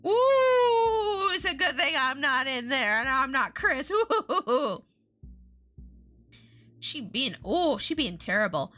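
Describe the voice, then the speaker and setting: A woman's voice: sits high, expressive, slow pace, pauses often, sharp tone. A woman streamer reading a book aloud, breaking off into chatty, indignant asides. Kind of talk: casual read-aloud with reactions.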